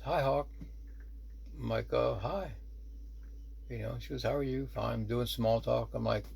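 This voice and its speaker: Low gravelly male storyteller. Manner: rambling, conversational, many "you know" asides. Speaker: shaman and storyteller. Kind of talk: casual spoken storytelling.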